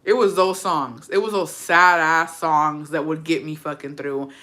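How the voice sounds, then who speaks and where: A woman's voice: sits low, fairly even intonation, a little slow, pushed and bright. A young adult woman telling a story in a casual vlog chat, brash and profane, dramatic, and dropping in Spanish phrases. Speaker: vlogger.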